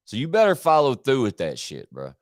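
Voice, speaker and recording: A man's voice: medium pitch, huge pitch swings, fairly quick, dry recording, clean studio sound. A man chatting casually on his live stream, rambling, slangy and full of swearing.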